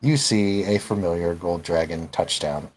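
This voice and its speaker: A man narrating as game master of a tabletop role-playing game, in a relaxed, chuckling way. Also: sits low, normal speed, rough recording.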